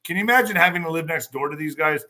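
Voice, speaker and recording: A man's voice: a little high, very fast, sharp tone. A man hosting a casual news commentary show, reading stories aloud and riffing in a loose, joking way. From El Paso, Texas. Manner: loose and jokey, mixing in put-on voices.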